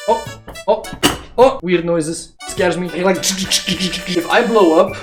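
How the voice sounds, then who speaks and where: Excitable young man, echoey kitchen. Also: sits high, slow pace. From Belgium. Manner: excitable, swears often, loud sudden outbursts. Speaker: streamer. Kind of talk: live-stream chat while cooking. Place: home kitchen. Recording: echoey kitchen with faint music.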